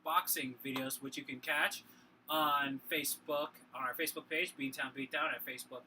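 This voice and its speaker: A man's voice: mid-range voice, fairly even intonation, normal speed, pushed and bright, slight background noise, poor audio. A tipsy man with a Boston accent co-hosting a casual sports talk show, rambling with many fillers and restarts. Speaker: podcast co-host.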